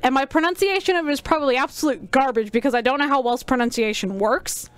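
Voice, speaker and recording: A woman's voice: high-pitched, fast, clear, resonant tone. A woman commentating casually on a card game stream, chatty and rambling with frequent ums.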